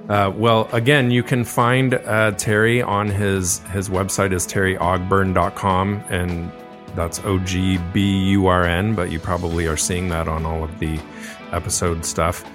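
Middle-aged male host, very low, monotone, earnest and measured. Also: soft background music. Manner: earnest, slow and measured, short listener backchannels. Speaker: podcast host. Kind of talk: interview hosting.

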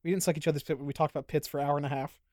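Podcast host guy, talks super fast, crude jokes, kinda higher voice, dry mic. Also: steady tone, mellow, no room sound. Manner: rambling, crude, jokey. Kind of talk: casual chat.

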